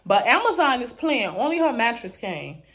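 A woman's voice: fairly high pitch, very animated, moderate pace, fairly bright tone, slight background noise. Chatty woman giving a home tour. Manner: chatty, keeps addressing viewers as y'all. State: tired and emotional. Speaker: vlogger. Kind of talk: casual home tour vlog. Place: new apartment and building common areas, indoors.

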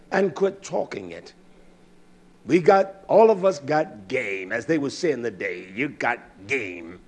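A man preaching a fiery sermon with impassioned swings from shouting to hushed tones. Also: medium pitch, animated, measured pace.

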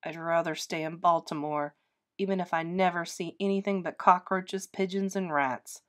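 A woman reading a storybook aloud and voicing a ten-year-old boy who whines loudly and pleads, pushing her voice high. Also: steady tone, normal speed, natural voice. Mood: sulky. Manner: high, loud and whiny.

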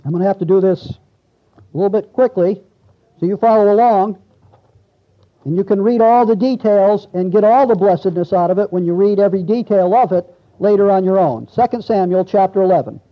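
Male pastor, high-pitched, casual teaching sermon with scripture reading; muffled lo-fi church recording. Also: brisk. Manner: conversational, asks the congregation questions, reads scripture aloud. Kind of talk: expository sermon.

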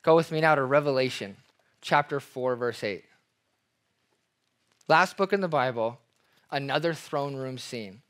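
A man's voice: mid-range voice, a little slow, long pauses. A man preaching a sermon as pastor, reading scripture with emphasis and acting out everyday examples. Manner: expressive preaching, reads scripture aloud with emphasis; acts out everyday examples in playful voices.

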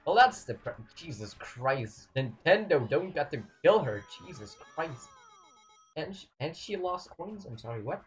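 A young man commentating his own gameplay, excitable, swinging between yelling and muttering at the game. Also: fairly high pitch, unhurried, soft background music. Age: young adult. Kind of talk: let's play commentary.

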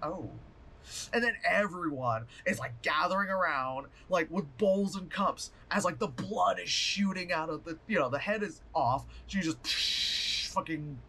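A man chatting through a movie review vlog, animated and profane, rambling with fillers and laughs. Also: high-pitched, a little slow, hardly any pauses, husky.

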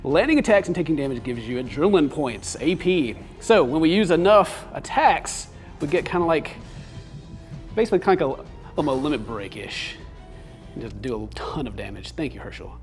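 A man's voice: fairly high pitch, animated, moderate pace, faint music behind. A young man giving goofy, rambling commentary as he plays a mobile game. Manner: goofy, rambling, self-amused. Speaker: gaming video host. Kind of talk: casual let's play commentary.

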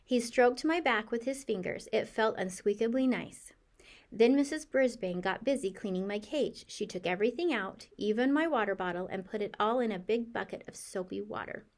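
A woman reading a children's chapter book aloud in the voice of a cheerful, curious hamster narrator, with a lively, expressive delivery. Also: medium pitch, normal speed. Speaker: audiobook reader. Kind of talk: storybook narration.

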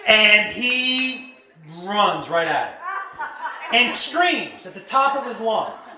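High-voiced man doing stand-up. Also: takes it slowly, crowd noise. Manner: animated, shouting punchlines, acting out scenes. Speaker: stand-up comedian. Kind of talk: stand-up comedy storytelling. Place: live comedy venue. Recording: roomy live venue, heard from a distance. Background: audience laughter.

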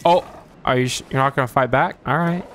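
A man giving live gameplay commentary, excitable and joking, who trash-talks enemies and yelps and shouts at the game. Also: medium pitch, a little fast. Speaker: streamer playing a video game. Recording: noticeable background noise.

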